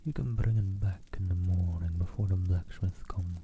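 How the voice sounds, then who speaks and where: A man's voice: sits low, steady tone, moderate pace, faint music behind. A man voicing a tired, grumbling male dragon who is minding a baby, in a whispered role-play. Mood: weary. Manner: soft, hushed and plaintive.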